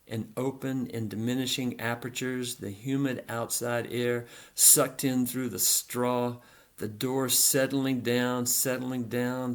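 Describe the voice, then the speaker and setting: A man narrating a literary story in a rhythmic, repetitive, deliberate delivery. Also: mid-range voice.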